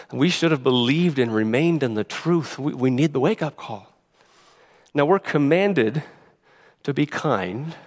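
A man preaching a sermon in an earnest, emphatic way, often restarting his words. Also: mid-range voice. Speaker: pastor.

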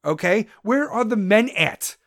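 Furious high-voiced ranting man. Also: animated, a little slow, no room sound, clean studio sound. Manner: aggressive, shouting, swears constantly. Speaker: vlogger. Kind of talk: angry profane rant to camera.

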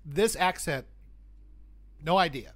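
A man's voice: a little high, slow pace. A man with a plain General American accent in casual chat, wry and prone to rambling asides. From United States.

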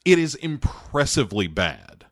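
A man's voice: mid-range voice, big pitch swings, a little slow, dry recording, studio quality. A man co-hosting a casual podcast about movies, rambling with many restarts and fillers. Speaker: podcast co-host. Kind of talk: casual movie review chat.

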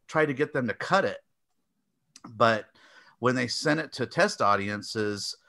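Bright-voiced man retelling movie scenes. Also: medium pitch, a little slow, creaky, no echo. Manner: animated storyteller who acts out scenes with squeals and laughs. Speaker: podcast co-host. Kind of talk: casual chat about movies.

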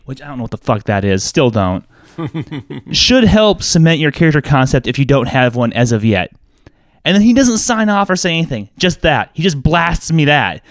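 A man's voice: a little high, big pitch swings, normal speed, no echo, clean studio sound. A man co-hosting a casual chat show, ranting with lots of profanity and mocking the people he quotes. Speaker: podcast co-host.

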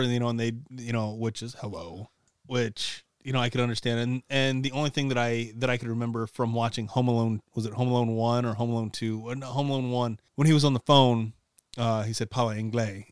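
A man's voice: medium pitch, clean tone, no room sound, clean studio sound. A man in his thirties from Ohio, chatting on a podcast in a rambling way with many fillers and swearing. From Paulding, Ohio, US. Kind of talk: casual podcast chat.

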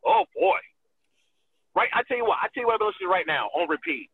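A man telling a road story as a guest in casual talk, animated and profane, acting out quotes and laughing often, heard over a phone line. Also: extremely high pitch, fast talker, creaky, slight background noise. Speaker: wrestler guest. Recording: tinny phone-line sound.

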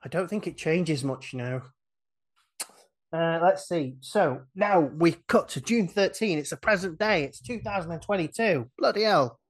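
A man's voice: on the high side, moderate pace. A man hosting a podcast, chatting casually and retelling a film with jokey asides. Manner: animated, jokey, acts out quotes. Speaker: podcast host. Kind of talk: casual chat recapping a film.

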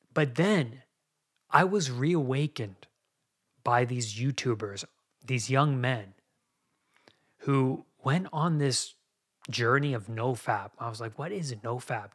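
A man's voice: medium pitch, a bit bright. A man in his thirties hosting a podcast, speaking in an earnest, confessional way about his own recovery. He often repeats and restarts phrases as he talks. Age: 30s. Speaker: podcast host. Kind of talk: personal recovery monologue.

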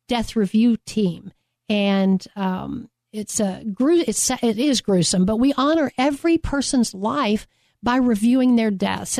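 Woman guest, emphatic advocate, higher voice, dry studio sound. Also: darkish tone, dry recording. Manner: passionate, emphatic, repeats key phrases. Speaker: guest from a domestic violence agency. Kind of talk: earnest radio interview talk.

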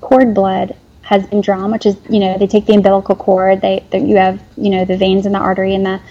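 Earnest woman with a mellow husky voice. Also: mid-range voice, completely flat delivery, fairly quick, lo-fi sound. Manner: earnest, rambling with restarts and fillers. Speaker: guest, company founder and former nurse. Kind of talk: emotional interview conversation.

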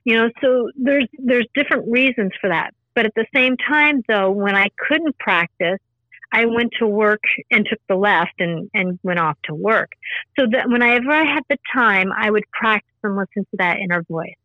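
A woman's voice: mid-range voice, moderate pace, no echo, lo-fi sound. A woman talking earnestly in a casual interview, explaining her spiritual practice in a repetitive, teaching way. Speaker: spiritual intuitive guest.

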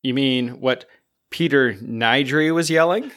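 A man's voice: mid-range voice, a little slow, fairly bright tone. A man from Canada co-hosting a podcast in casual chat, talking loosely with lots of fillers. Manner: chatty, frequent "like" fillers. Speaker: podcast co-host.

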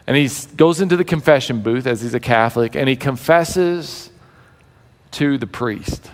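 A man preaching a sermon as a pastor, telling stories with lively, acted-out quotes. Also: medium pitch, moderate pace. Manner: animated storyteller acting out quoted voices. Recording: long hall reverb.

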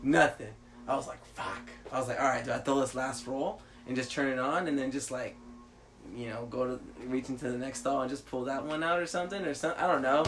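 A man's voice: medium pitch, steady tone, quick pace. A young man telling a story in casual chat, swearing freely and acting out his own reactions.

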